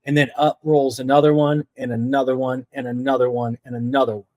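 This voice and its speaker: A man's voice: mid-range voice, little pitch movement, fairly quick, a little mellow, dry recording. A middle-aged man earnestly recounting a personal story as a podcast guest, full of "like" fillers. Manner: earnest, heavy use of "like" fillers.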